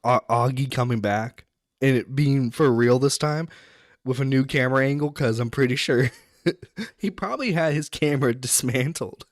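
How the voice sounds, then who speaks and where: A man's voice: mid-range voice, moderate pace, no room sound. Dry-voiced laughing male show host. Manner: laughing, mocking, blunt. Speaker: internet radio host. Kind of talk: commentary on stream drama.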